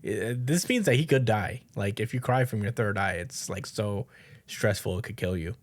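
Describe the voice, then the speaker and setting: A man's voice: fairly low pitch, normal speed. A man co-hosting a podcast, loosely recapping a comic chapter in casual chat, rambling with fillers and swearing. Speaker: podcast co-host.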